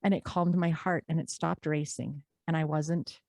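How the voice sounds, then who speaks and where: A woman's voice: low-pitched, steady tone, gravelly, a little mellow, no echo, clean studio sound. A woman guest on an interview podcast, talking earnestly and encouragingly, stretching out key words. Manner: earnest, encouraging, drawn-out emphasis. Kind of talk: conversational interview.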